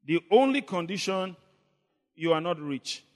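A man preaching a sermon, leading the congregation in call and response, swinging between shouts and low murmurs. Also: lively intonation, a little slow, long reverb tail. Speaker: pastor.

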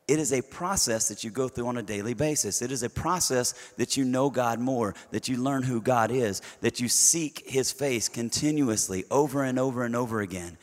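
Middle-aged preacher in a reverberant hall. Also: male voice, mid-range voice, brisk, few pauses. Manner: conversational, poses rhetorical questions to the congregation; stumbles into repeated words when restarting phrases. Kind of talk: sermon. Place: church sanctuary.

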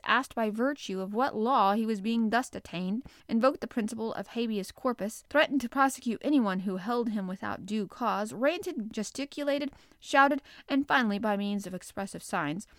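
A woman's voice: medium pitch, no echo, studio quality. Woman reading an adventure novel aloud. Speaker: audiobook narrator. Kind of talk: scripted narration.

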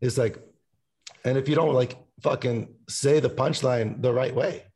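A man's voice: medium pitch, measured pace, mellow. A man, a musician guest on a casual podcast, rambling and swearing freely as he talks about songwriting. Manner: rambling, swears a lot, sings snippets.

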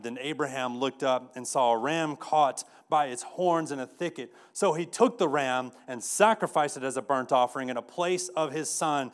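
A man's voice: medium pitch, moderate pace. A man preaching a sermon in a conversational way, often restarting and repeating words as he tells a story. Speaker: pastor.

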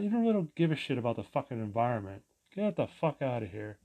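A man's voice: medium pitch, big pitch swings, fast talker, gravelly, narrow, tinny audio. A man vlogging a casual, rambling rant, exasperated and profane, full of restarts and asides.

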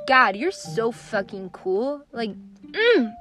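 A young adult woman hosting a podcast, telling customer stories in a profane, exasperated, animated rant. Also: fairly high pitch, takes it slowly, soft background music. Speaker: podcast host. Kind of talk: casual comedic rant.

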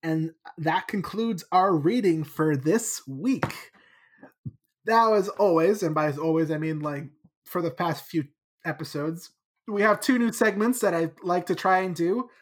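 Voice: medium pitch, measured pace. A podcast host casually recapping a book chapter in a chatty, playful way.

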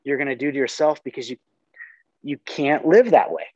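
A man's voice: mid-range voice, expressive, moderate pace, a little mellow, no room sound. A man in casual podcast conversation, talking earnestly, swearing casually and often restarting his sentences. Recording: dull lo-fi sound.

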